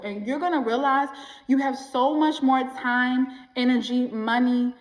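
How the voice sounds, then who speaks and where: Woman vlogger, fairly high voice, lively slangy motivational talk, roomy echo. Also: unhurried. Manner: animated and slangy, acts out quoted voices. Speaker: self-help vlogger. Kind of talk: casual motivational talk to camera.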